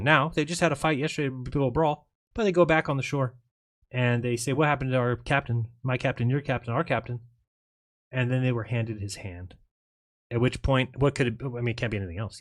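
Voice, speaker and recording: A man hosting a livestream, giving sarcastic, mocking commentary over a video clip and reading comments aloud. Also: mid-range voice. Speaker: livestream host.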